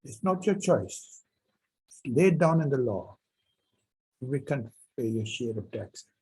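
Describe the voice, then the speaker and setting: Man, university professor, very husky and dark-toned, lively up-and-down delivery, emphatic storyteller. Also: medium pitch, slow pace, rough recording. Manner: animated, emphatic storytelling with repetitions. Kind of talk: university lecture with personal anecdote.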